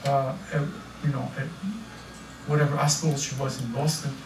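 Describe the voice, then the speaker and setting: An older French-accented pastor preaches a sermon in a church hall, often stammering and repeating words as he restarts. His medium-pitched voice is level and moderately paced, picked up from far off in an echoey church with a little hiss or hum.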